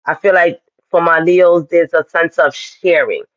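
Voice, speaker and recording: A man's voice: a little high, steady tone, unhurried, a bit bright, no room sound, muffled recording. Chatty man giving a spiritual reading. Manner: chatty, direct, addresses viewers as y'all. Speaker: astrology and tarot reader. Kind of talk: casual spiritual reading to viewers.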